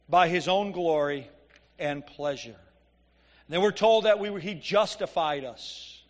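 A man preaching a sermon, reading scripture and explaining it conversationally, his voice swinging from loud emphatic peaks to quiet asides. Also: sits high. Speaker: pastor. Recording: long hall reverb.

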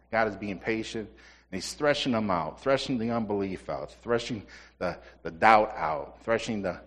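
A middle-aged male pastor delivers a sermon in a lowish voice, mixing scripture with playful asides and teasing stories for his congregation. His words ring out with a long reverb through the church sanctuary. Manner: conversational preaching, asides to the congregation, playful storytelling.

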